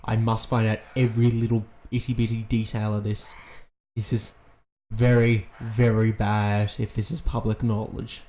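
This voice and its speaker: A man giving casual, excitable reaction commentary on a TV episode, swearing often as he talks. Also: lowish voice, normal speed.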